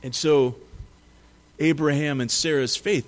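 A man's voice: a little high, animated, a little slow. A man preaching a sermon, reading scripture and retelling it in a conversational, emphatic way. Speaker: pastor.

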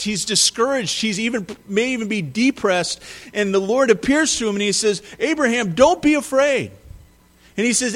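A man's voice: high-pitched, a bit bright. A man preaching a sermon, reading scripture and retelling it in a conversational, emphatic way. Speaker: pastor.

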